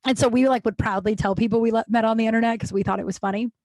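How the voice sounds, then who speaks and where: A woman's voice: fairly high pitch, steady tone, rapid-fire, a little mellow, no room sound. A woman hosting her own podcast, telling a personal story in a chatty, casual way, peppered with "like", and acting out what people said. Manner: chatty, heavy use of "like", acts out quoted voices. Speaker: podcast host.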